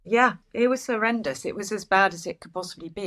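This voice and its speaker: A woman in her sixties, a podcast guest, speaking candidly and haltingly while close to tears. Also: mid-range voice, fairly bright tone. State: tearful. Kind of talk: interview.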